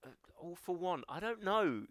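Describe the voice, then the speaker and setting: A man's voice: sits high, animated, fairly bright tone. A man chatting and joking on a gaming stream. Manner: joking, quick. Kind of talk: casual gaming stream chat.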